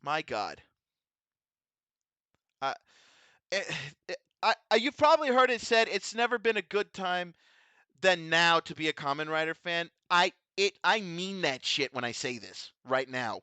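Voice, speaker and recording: A man's voice: high-pitched, animated, moderate pace, sharp tone, clear, resonant tone, no room sound. A man gushing emotionally as a fan, emphatic and repetitive, swearing freely as he praises a show. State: emotional, overwhelmed. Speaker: vtuber host reviewing a tokusatsu episode. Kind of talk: excited fan commentary.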